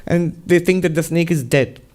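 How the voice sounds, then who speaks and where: Man, monk, spiritual talk, measured, conversational, storytelling. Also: a little high, a little mellow. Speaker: monk and resident minister.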